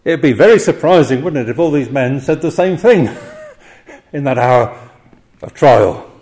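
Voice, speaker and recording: A man's voice: medium pitch, animated, a little slow, a little mellow. An older man preaching an expository sermon, often chuckling between points and voicing the quoted cries with drama.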